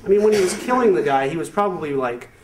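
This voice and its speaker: A man's voice: lively intonation, quick pace, crowd noise. Rambling young-sounding male stand-up comic. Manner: rambling, self-amused, many fillers and restarts; breaks into high squeaky put-on voices for jokes. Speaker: stand-up comedian. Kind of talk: stand-up comedy set. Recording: distant mic, far from the speaker.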